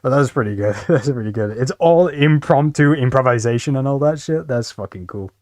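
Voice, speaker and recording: A man's voice: mid-range voice, expressive, brisk, darkish tone, no room sound, clean studio sound. A male streamer casually reacting to videos, laughing and swearing.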